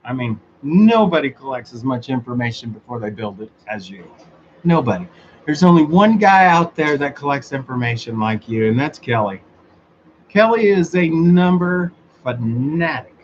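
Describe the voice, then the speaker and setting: A man's voice: medium pitch, expressive, moderate pace. A man hosting a casual talk show, speaking sarcastically, swearing freely and laughing often. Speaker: host of a motorized bicycle talk show. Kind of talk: casual solo chat. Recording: dull lo-fi sound with faint background noise.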